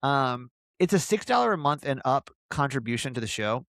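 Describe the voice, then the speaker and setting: A man's voice: medium pitch, big pitch swings, a little fast, fairly bright tone, no room sound, studio quality. A man hosting a podcast in casual chat, rambling and self-mocking with lots of fillers and restarts. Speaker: podcast host.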